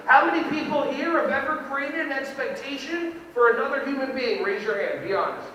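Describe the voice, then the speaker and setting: A man with a very high, bright voice delivers a playful, animated keynote to an audience. He keeps acting out little scenes as he talks. The sound is echoey, with a long hall reverb, picked up from far off the mic with faint noise underneath. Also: fairly quick. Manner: playful, animated, acts out kids and parents. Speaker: keynote speaker. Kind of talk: lively educational keynote.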